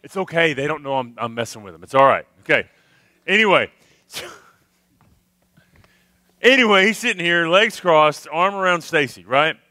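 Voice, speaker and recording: A man tells a comic story at a youth camp service, animated and forever checking in with "okay? all right?". His voice sits high and rings bright. The sound is close and dry, with little room around it. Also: normal speed, pauses often, dry recording. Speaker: camp speaker, former youth minister. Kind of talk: humorous storytelling to a youth crowd.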